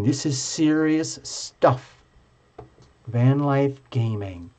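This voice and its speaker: A man hosting a live tarot stream, chatting with viewers in an excitable, gushing and playful way. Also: medium pitch, slow. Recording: dull lo-fi stream audio.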